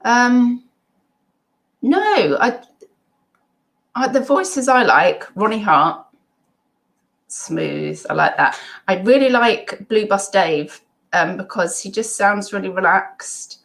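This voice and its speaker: A woman's voice: medium pitch, very animated, slow pace, creaky, long pauses, fairly bright tone. A middle-aged woman, hosting a casual live stream at home, reading chat comments and rambling with many ums and asides.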